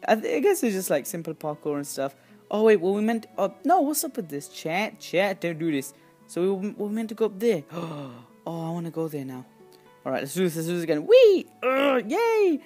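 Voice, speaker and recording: A woman gives casual, excitable commentary while she plays a game. Her voice swings up and down with lively energy, and she exclaims often. Faint music runs in the background. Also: lowish voice. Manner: excitable, chatty, quick to squeal and exclaim. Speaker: gaming channel host.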